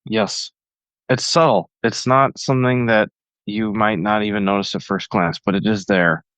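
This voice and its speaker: A man's voice: lowish voice, steady tone, moderate pace, a bit bright, clear, resonant tone, no echo. Enthusiastic man rambling about his craft. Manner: enthusiastic, rambling with many fillers. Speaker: guest cartoonist. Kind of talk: casual podcast interview.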